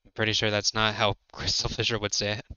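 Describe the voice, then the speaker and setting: Thirties male streamer, low and bright, loose rambling commentary. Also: fast talker, clear, resonant tone, no room sound, lo-fi sound. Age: 30s. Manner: relaxed, rambling, with fillers. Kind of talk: casual gameplay livestream commentary.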